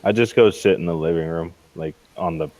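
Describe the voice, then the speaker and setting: A man playing in a tabletop game, playful and quick to laugh, slipping into his character's lines. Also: sits low, mellow. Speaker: player. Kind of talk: casual tabletop play.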